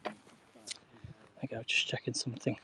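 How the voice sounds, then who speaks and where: A man's voice: moderate pace, pushed and bright, no room sound. A man chatting casually to viewers on a live stream while walking outdoors along a canal towpath, greeting people and laughing often.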